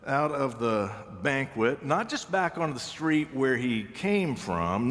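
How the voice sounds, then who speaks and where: A man's voice: medium pitch, sing-song, slow, few pauses, a bit bright. A man preaching a sermon, telling stories with dry humor and acting out the voices he quotes. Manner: wry storytelling, acts out quoted voices. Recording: long reverb of a large hall.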